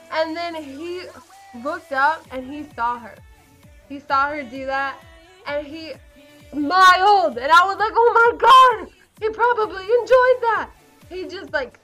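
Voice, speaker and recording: A woman's voice: high voice, pushed and bright. A teenage girl telling a story to her vlog audience in a bubbly, giggly way, full of ums and likes. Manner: bubbly, giggly, lots of fillers like um and like. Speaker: vlogger. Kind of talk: casual storytime chat.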